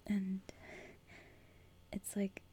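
A woman talking quietly in a whisper, stuffy-nosed and a little hoarse, hesitant and giggly with lots of fillers. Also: medium pitch, monotone, extremely slow, slight background noise. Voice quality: hoarse, losing her voice. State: stuffy nose. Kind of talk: whispered casual talk to a mic.

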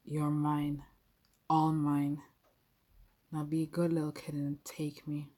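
A woman voicing a commanding adult man in a hushed, slow murmur, with a husky voice. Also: low-pitched, monotone.

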